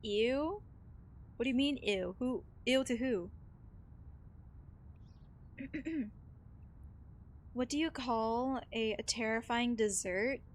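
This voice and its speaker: A woman's voice: on the high side, slow, pauses often. A woman chatting casually with her stream while she plays a game. She rambles, giggles often and fills her talk with "like" and "you know," speaking into a desk microphone at home. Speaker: live streamer playing a cleaning game.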